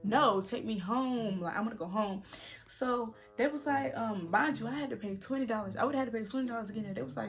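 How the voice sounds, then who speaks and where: A woman in her twenties telling a story to the camera in a casual vlog, animated and slangy, talking straight to her viewers. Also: on the high side, brisk, faint music behind. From United States. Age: 20s. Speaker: vlogger.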